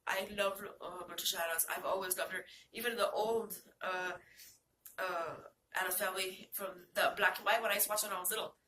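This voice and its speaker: Excitable, foul-mouthed woman vlogger in a roomy space. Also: medium pitch, fairly quick, slight background noise. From New Mexico. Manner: excitable, profane, rambling. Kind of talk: casual movie-list chat. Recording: roomy, from a distance.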